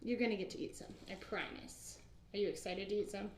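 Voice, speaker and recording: A woman's voice: medium pitch, steady tone, fairly quick. A woman in her thirties patiently teaching a young child in a home cooking demo, asking simple questions. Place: home kitchen. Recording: echoey room, faint noise.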